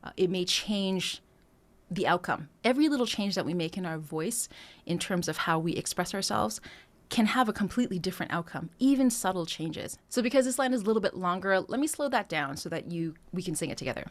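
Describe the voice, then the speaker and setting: Explaining phrasing one step at a time, a woman coaches a singing lesson in a fairly low, expressive voice, speaking briskly. She breaks off into sung demonstrations and keeps things conversational, full of fillers and restarts.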